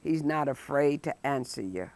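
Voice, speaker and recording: A woman teaching a Sunday school lesson, preaching emphatically and breaking into loud exclamations. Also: extremely low pitch, lively intonation. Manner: emphatic, rises to shouted exclamations; slow, deliberate phrasing.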